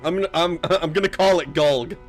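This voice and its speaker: A man's voice: a little high, faint music behind. Joking, crude young male streamer. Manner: joking, crude, quick to laugh. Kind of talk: casual gameplay commentary.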